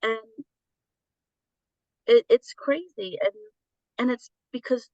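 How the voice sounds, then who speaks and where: A woman's voice: fairly high pitch, slow pace, warm tone, no room sound, lo-fi sound. A middle-aged woman telling stories candidly in a casual conversation, acting out the voices of the people she quotes. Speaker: guest.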